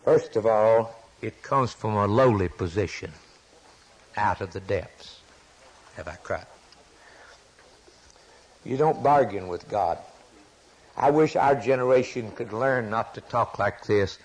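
A man preaching a sermon with passion, his voice rising to sudden loud peaks. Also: on the low side, slow pace, long pauses, slightly rough, rough recording.

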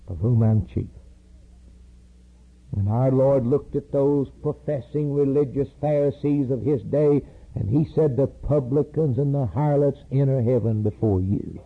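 A man preaching a fiery sermon, pleading with his listeners and rising to loud emphatic peaks. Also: mid-range voice, a little slow, breathy edge. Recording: tinny phone-like old sermon tape.

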